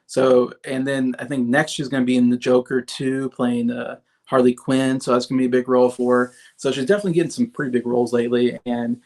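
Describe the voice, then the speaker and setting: A man's voice: medium pitch, flat delivery, fast talker, few pauses, darkish tone. A man in his thirties hosting a casual livestream, reviewing movies in a rambling way with many fillers and restarts and chatting with viewers. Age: 30s. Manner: chats with viewers in the comments.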